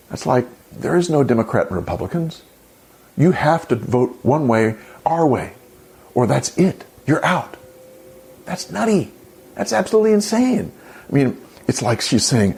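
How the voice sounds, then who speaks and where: Indignant man with a gravelly voice. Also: on the low side, lively intonation, moderate pace, a little mellow. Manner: indignant, exclaiming, sarcastic. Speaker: channel host. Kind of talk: opinion commentary.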